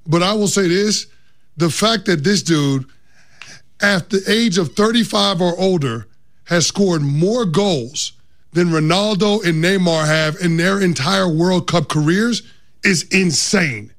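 A man co-hosting sports talk radio, talking excitedly and repeating words for emphasis. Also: high voice, takes it slowly.

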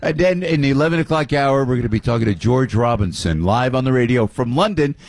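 A man's voice: medium pitch, lively intonation, fast, a little mellow, no echo, studio quality. An older man hosting a live radio show from a venue, boisterously working the crowd and greeting audience members. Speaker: radio host.

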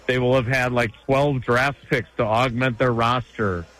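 A man's voice: medium pitch, steady tone, unhurried, fairly bright tone, poor audio. A man co-hosting a casual sports talk show, giving chatty, emphatic analysis with frequent restarts.

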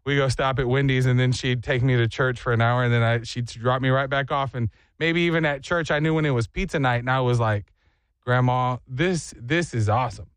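A man hosting a morning radio show, telling stories in a lively, chatty way. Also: mid-range voice, a little fast, hardly any pauses, clean tone, dry recording. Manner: lively storytelling.

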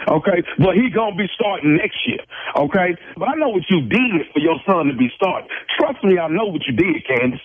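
Guy prank calling, drawly and stammery, high-ish voice, tinny phone line. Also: big pitch swings, brisk, no room sound. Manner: drawling, repetitive, stammering restarts. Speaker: radio prank caller.

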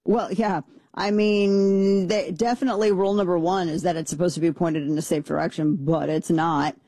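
Talk radio host, male, husky dark tone, dry studio sound, joking and incredulous. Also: high-pitched, fairly even intonation, moderate pace, dry recording. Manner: incredulous, joking, rambling with restarts. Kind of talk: casual talk radio commentary.

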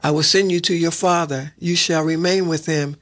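Guy reading a sad gentle beast from a storybook, kinda high voice, slow and mournful. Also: fairly even intonation, close to an everyday voice. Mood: gentle pleading. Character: gentle lovesick male beast, sorrowful. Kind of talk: storybook read-aloud.

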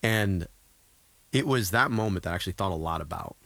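A man's voice: low-pitched, expressive, fairly quick, gravelly, fairly bright tone, no room sound. A man in his thirties, a guest telling earnest, reflective stories in conversation, often restarting his sentences. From United States. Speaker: guest, former political candidate.

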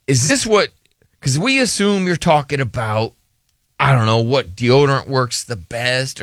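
A man hosting a radio talk show, telling crude jokes in an animated, storytelling way. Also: mid-range voice, dry recording, clean studio sound.

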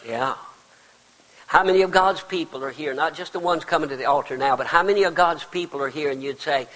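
Older preacher ringing through a hall. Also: male voice, on the high side, fairly quick. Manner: dramatic swings between loud cries and hushed tones. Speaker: pastor. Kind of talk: sermon. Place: church sanctuary. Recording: long reverb of a large hall.

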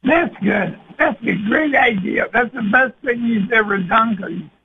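A man's voice: extremely high pitch, measured pace, breathy edge. A male caller on a call-in sports show, talking in blunt, brash trash talk over a phone line. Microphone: telephone. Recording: tinny phone line, faint noise.

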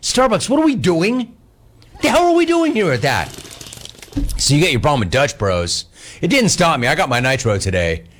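A middle-aged man hosting a talk radio show, telling exasperated stories in a casual, animated way. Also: on the high side, moderate pace, slight background noise.

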